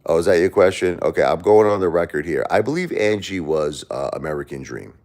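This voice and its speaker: A man with a Brooklyn accent hosting a livestream, chatting casually with viewers and telling animated, rambling stories that often repeat themselves. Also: low-pitched, fairly quick. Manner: animated, rambling storyteller who repeats himself. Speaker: livestream host. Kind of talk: casual chat answering viewers.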